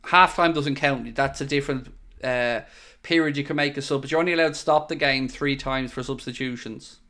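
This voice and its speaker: A man hosting a live football watchalong stream, chatting casually, answering viewer messages and bursting out loud when goals go in. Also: mid-range voice, fairly quick. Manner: excitable, swings between chatty asides and loud bursts at goals. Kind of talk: live casual commentary and chat.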